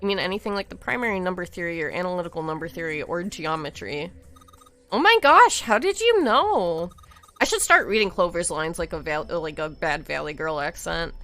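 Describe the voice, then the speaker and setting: A woman's voice: lowish voice, fairly bright tone. A woman live-streaming a game, chatting and giggling with viewers as she reads the game's lines aloud. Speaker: streamer playing a visual novel.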